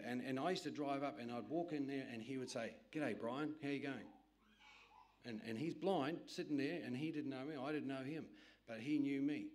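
Man preaching in rambling stories. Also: mid-range voice. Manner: rambling, conversational storytelling with restarts. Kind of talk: sermon with personal stories.

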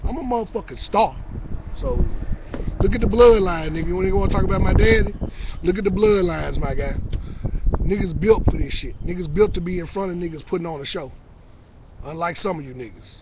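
Brash battle-rapper vlogger, a man with a high voice, cocky and profane, on a dull lo-fi recording. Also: fairly quick, background noise. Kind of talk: casual trash-talk monologue to camera. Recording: dull lo-fi sound.

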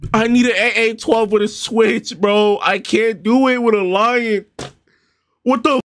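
A young man giving comedic reaction commentary, animated and exaggerated, with sudden loud outbursts and a lot of swearing. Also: very high-pitched. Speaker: online video host reacting to a video.

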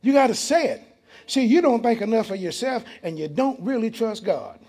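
A man's voice: extremely high pitch, lively intonation, normal speed, a little mellow. A man, preaching as pastor in a church, emphatic and full of rhetorical questions. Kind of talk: sermon.

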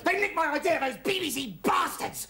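An actor playing a vain, desperate washed-up male TV comedian, talking excitably and boastfully in a sitcom. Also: extremely high pitch, fairly quick, a crowd in the background. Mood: indignant. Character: vain desperate has-been male TV presenter. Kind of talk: sitcom acting.

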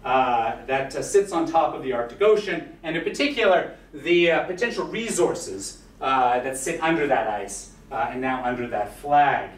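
A man's voice: medium pitch, lively intonation, moderate pace, hardly any pauses. A man giving a history lecture in a conversational way, with many "uh" fillers and wry asides. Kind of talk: university lecture. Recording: echoey hall, mic far off, faint hiss.

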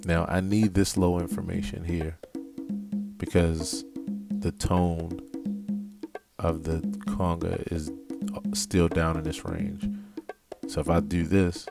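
Deep, flat-voiced man explaining mixing. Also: slow, vocal fry, long pauses. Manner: relaxed, explanatory, thinking aloud. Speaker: music producer teaching mixing. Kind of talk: casual screen-recorded tutorial. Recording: music tracks playing behind. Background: music playback.

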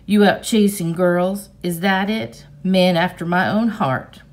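A woman reading aloud, voicing a loud, swaggering, bullying grown man with a folksy, boisterous way of talking. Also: fairly low pitch, fairly even intonation, a little slow, lightly acted.

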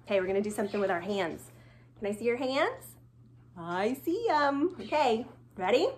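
A young woman teaching small children in a slow, sing-song, playful way, with exaggerated hellos. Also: fairly high pitch, big pitch swings. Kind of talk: children's video lesson.

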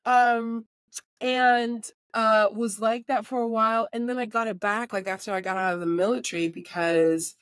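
A woman guest with an American accent, born in New Jersey and raised in England, telling stories in a casual interview and doing lively impressions of people. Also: fairly high pitch, normal speed, dry recording. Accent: American, with a British accent that comes out at times. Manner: animated anecdotes with impressions and laughs. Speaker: guest, voiceover artist and filmmaker.

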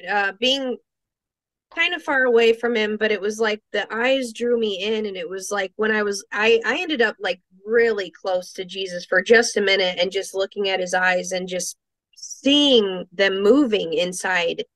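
A woman's voice: mid-range voice, moderate pace, no echo. A woman guest in a casual interview, telling a personal story and acting out her own thoughts. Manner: animated storytelling, quoting herself, laughing, restarts.

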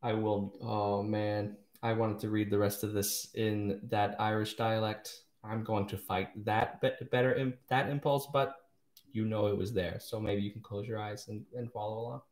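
A man's voice: lowish voice, fairly even intonation, moderate pace. A man hosting a live poetry show, chatting casually with wry asides and self-corrections. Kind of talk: casual live-stream reading and chat. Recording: echoey room.

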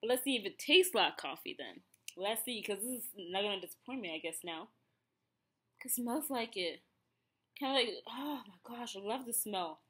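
A woman's voice: mid-range voice, animated, moderate pace, a bit bright, husky. A woman in her thirties with an Ethiopian accent, chatting casually through a snack review with many fillers and restarts. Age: 30s. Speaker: vlogger.

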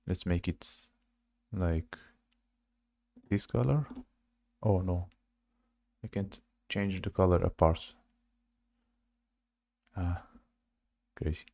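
Guy teaching greetings, slow, lots of uhs, dry close mic. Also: low voice, mellow, no echo. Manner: halting, many fillers, repeats words slowly. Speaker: language teacher. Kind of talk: casual language lesson.

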